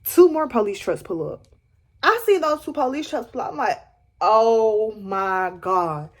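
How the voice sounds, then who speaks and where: Young woman, high voice, dramatic storyteller, chatty, animated. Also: brisk. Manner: animated, dramatic, addresses viewers as y'all. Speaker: vlogger telling a story. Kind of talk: storytime vlog.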